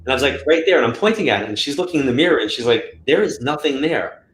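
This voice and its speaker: A man's voice: medium pitch, fast, slight background noise. Man telling stories in a roomy room. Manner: animated, acts out quotes in a raised voice. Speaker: guest psychic medium. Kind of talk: casual interview storytelling. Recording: roomy echo.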